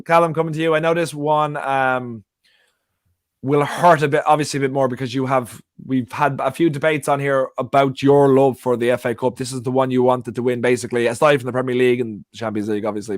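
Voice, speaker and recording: A man's voice: mid-range voice, dry recording. A man co-hosts a casual football fan panel over a video call, joking and reading viewer comments aloud. His voice sits in the middle range. The sound is dry, with no room around it. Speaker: panel show co-host.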